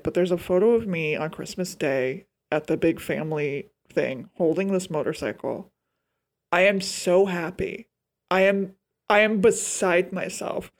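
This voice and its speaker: Woman co-host, casual film chat, gravelly fry, salty and animated. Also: on the low side. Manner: animated, swearing, exaggerated disgust. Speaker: podcast co-host.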